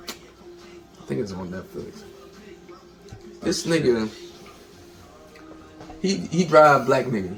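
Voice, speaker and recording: Slangy man telling a movie story. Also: on the low side. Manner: loose storyteller, slangy and emphatic. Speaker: podcast co-host. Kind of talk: casual profane chat, retelling a movie.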